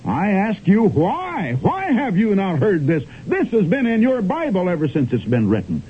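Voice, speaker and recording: A man's voice: high-pitched, wildly swooping pitch, normal speed, slight background noise. A man preaching an old radio sermon in an emphatic, swooping cadence, often calling out to his friends. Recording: tinny old radio broadcast.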